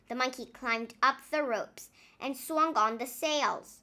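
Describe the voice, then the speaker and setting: A woman reading a children's storybook aloud with expressive, measured narration. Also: high-pitched.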